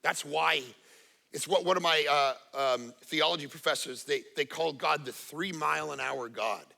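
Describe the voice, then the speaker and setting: A middle-aged man preaching a sermon as pastor, telling stories with animated swings from hushed to loud. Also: on the high side, normal speed, creaky.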